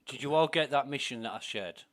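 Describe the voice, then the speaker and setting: A man leads a group of friends through a game over voice chat. His voice is bright and forward, and his talk is friendly and loose, with easy laughs and quick apologies. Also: mid-range voice. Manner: chatty, friendly, laughs easily. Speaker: gaming streamer leading a group. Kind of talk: casual gaming chat over voice call.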